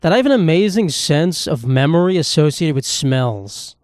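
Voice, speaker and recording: A man's voice: fairly high pitch, very animated, normal speed, no room sound, studio quality. A man hosting a podcast alone, telling stories in a rambling, swearing, self-mocking way, recorded on a phone. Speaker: podcast host. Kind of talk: casual solo monologue.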